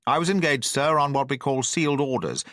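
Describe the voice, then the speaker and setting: A man's voice: medium pitch, lively intonation, brisk, fairly bright tone, no echo, studio quality, close to an everyday voice. A man reading the lines of a blunt, stern, distrustful sea captain who speaks plainly and in clipped phrases, in an audiobook.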